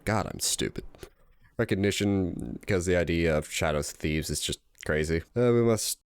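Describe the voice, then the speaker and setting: Deep-voiced, sweary game commentator. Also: male voice, normal speed, clean tone, no room sound, studio quality. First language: English. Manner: sweary, self-deprecating, joking. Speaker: let's-play commentator. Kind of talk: casual game commentary reading a script.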